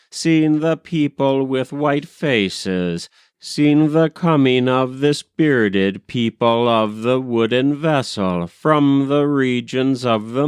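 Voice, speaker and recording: A man voicing a grave, wise male chief describing a vision, solemn and measured. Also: mid-range voice, clear, resonant tone, no room sound, studio quality.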